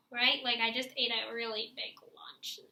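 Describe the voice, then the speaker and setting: A young woman teaching saxophone students to stretch and breathe, guiding them step by step and showing sighs and deep breaths herself. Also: level tone, takes it slowly, sharp tone, roomy sound. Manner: encouraging, demonstrates breaths and sighs. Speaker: music teacher. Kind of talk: instructional video for young students.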